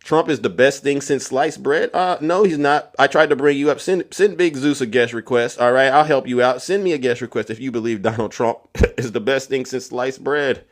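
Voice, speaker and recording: A man's voice: medium pitch, normal speed, hardly any pauses. A man hosting a live political debate stream, talking to his chat and calling people up, mocking and repeating himself. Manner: mocking, repetitive, taunting callers.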